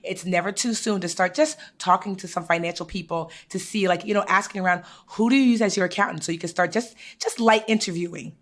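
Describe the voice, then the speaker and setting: A woman co-hosting a podcast who gives casual financial advice and acts out her own inner thoughts with lively quoted asides. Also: on the low side, fast talker, few pauses.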